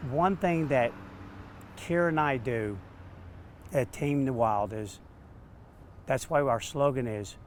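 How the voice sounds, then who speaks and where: A man, a dog trainer, telling stories in an interview, animated and acting out quotes. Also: mid-range voice, a little hiss or hum. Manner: animated, acts out quotes with laughs. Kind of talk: storytelling interview answers.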